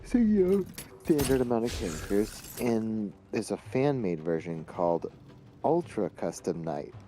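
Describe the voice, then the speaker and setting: A man's voice: fairly low pitch, lively intonation, measured pace, dark tone. A tired man chatting while gaming, hesitant, with lots of ums and uhs. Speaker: co-player. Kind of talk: casual gaming chat. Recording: faint game music behind.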